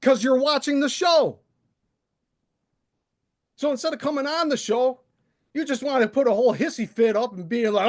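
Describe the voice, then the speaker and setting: A man's voice: very high voice, moderate pace, pauses often. A male livestream host delivering an exasperated, profane, confrontational rant straight to the camera. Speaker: channel host. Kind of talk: ranting livestream monologue.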